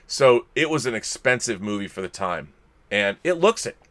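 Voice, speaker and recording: A man's voice: on the low side, big pitch swings, moderate pace, a bit bright. A middle-aged man co-hosting a casual live stream, chatting and reading viewer tips aloud with his own asides.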